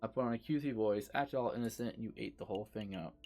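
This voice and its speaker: Man doing a cold woman lawyer, mocking, cutting, sharp-tongued, game dialogue. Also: fairly low pitch, racing, faint music behind, lightly acted.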